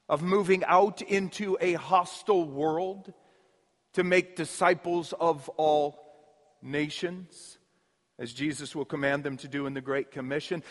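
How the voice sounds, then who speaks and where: A man's voice: high voice, big-room sound. A man preaching a sermon as pastor, earnest and explanatory, with emphatic repetition. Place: church.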